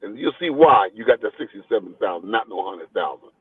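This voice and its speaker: A man quoting a gruff older male boxing promoter who talks bluntly and profanely, heard over a tinny phone line. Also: fairly low pitch, lively intonation, fairly quick, no room sound, voice pushed down.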